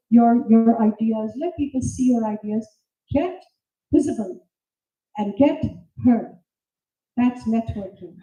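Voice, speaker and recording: A woman's voice: on the high side, warm tone. A woman giving an emphatic, self-assured talk on leadership in a large lecture hall. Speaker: conference speaker. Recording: roomy, distant, dull hall recording.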